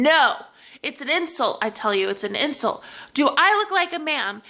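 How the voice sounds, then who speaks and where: A woman's voice: high voice, fairly quick. A tired woman ranting exasperatedly in a casual vlog monologue. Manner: animated, exasperated. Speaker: vlogger.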